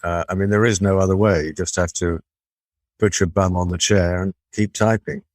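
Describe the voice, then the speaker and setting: A man's voice: low voice, steady tone, moderate pace, no room sound. A man being interviewed as an author, answering in a dry, understated, plainspoken way. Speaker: author guest.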